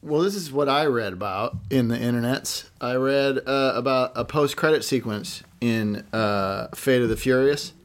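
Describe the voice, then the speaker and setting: A man co-hosting a casual movie podcast, retelling a news story in a relaxed way with plenty of fillers. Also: medium pitch, normal speed, hardly any pauses. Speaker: podcast co-host.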